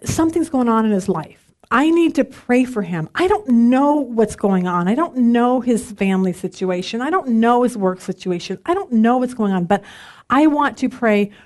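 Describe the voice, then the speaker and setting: A woman's voice: fairly high pitch, expressive, normal speed, a little mellow. A middle-aged woman teaching a women's Bible study in a chatty, self-deprecating way, laughing often.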